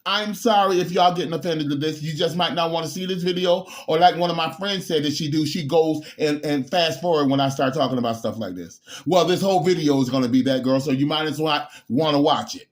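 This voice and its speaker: Man, high-pitched voice, heated political rant, sudden shouts, stumbling restarts. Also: fairly quick, few pauses. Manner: heated, preachy, repeats words and restarts, sudden loud outbursts. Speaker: bishop.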